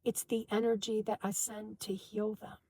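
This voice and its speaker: A woman telling a personal story to her viewers in an animated, emphatic way, with many restarts. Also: mid-range voice, normal speed, slightly rough. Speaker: spiritual vlogger. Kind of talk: casual storytelling to camera.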